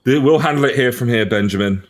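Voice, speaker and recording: A man's voice: mid-range voice, fairly quick, pitched above the performer's own voice, close to an everyday voice. A man voicing a stern city guard who gives curt warnings. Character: stern male city guard keeping watch.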